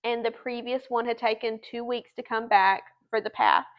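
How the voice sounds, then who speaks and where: A woman's voice: fairly high pitch, fairly even intonation, normal speed, highs cut off. A woman, telling her personal story to a host in an earnest, chatty way. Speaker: guest.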